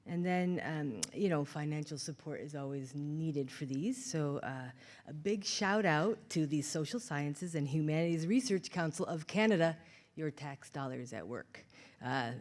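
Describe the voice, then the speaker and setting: A woman's voice: sits low, darkish tone. A woman organizer giving thanks at a public university event in a chatty, grateful and slightly emotional way. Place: university lecture hall.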